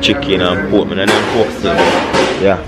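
A man's voice: low voice, fairly even intonation, moderate pace, loud music behind the voice. A man with a Jamaican accent, talking casually and enthusiastically about a roadside food stop. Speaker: vlogger. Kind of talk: casual chat. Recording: outdoors by the road with loud traffic.

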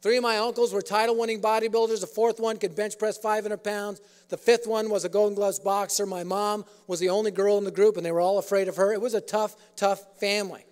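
A man's voice: sits high, fairly even intonation, fairly quick, hardly any pauses, darkish tone, clear, resonant tone. A man preaching a sermon in an auditorium, telling a story with humor. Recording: echoey auditorium.

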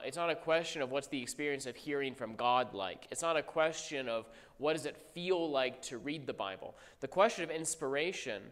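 A man's voice: medium pitch, fairly bright tone, long reverb tail. A man teaching a theology class in a conversational way, repeating key points and asking the room questions. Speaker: Bible teacher.

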